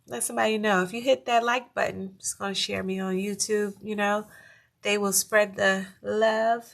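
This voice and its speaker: A woman's voice: mid-range voice, little pitch movement, normal speed, creaky, recorded from a distance. A woman giving a casual tarot reading to her viewers, chatty and playful, talking to the cards as she lays them out. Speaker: tarot reader. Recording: roomy sound, set back from the mic.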